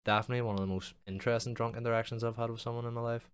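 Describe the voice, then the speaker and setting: A man's voice: mid-range voice, little pitch movement, racing, clear, resonant tone. A young man hosting a podcast, rambling in casual chat with heavy swearing and lots of fillers. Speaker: podcast host.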